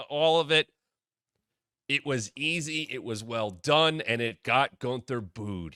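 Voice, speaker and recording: A man's voice: medium pitch, sharp tone, no echo, studio quality. A man hosting a wrestling podcast, talking in a blunt, opinionated way with casual swearing. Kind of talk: opinionated commentary.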